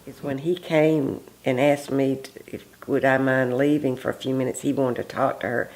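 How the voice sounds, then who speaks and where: Gravelly man recalling events. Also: mid-range voice, level tone, moderate pace, a little mellow, poor audio. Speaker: witness in a documentary. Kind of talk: documentary interview.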